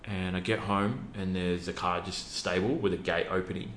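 A man's voice: low voice, fairly even intonation, moderate pace, a bit bright, roomy sound, slight background noise. A man with an Australian accent speaking in an interview, earnestly telling a personal story with many ums. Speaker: interview guest, youth program founder.

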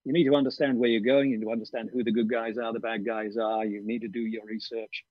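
Husky man with dull, lo-fi sound. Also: fairly low pitch, flat delivery, fast talker, dry recording. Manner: thoughtful, hesitant, with many ums and restarts. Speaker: audiobook narrator. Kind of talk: interview over video call. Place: garden studio shed.

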